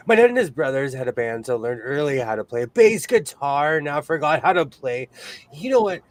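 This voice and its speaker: Man, sewing livestream host, from California, casual chat, laughs often, slightly high voice. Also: big pitch swings, normal speed, no echo. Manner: chatty, laughs often, reads chat aloud.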